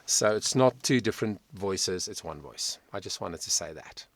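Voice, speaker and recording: A man's voice: sits low, expressive, moderate pace. A man working as a vocal coach, giving reflective, emphatic commentary in a reaction video.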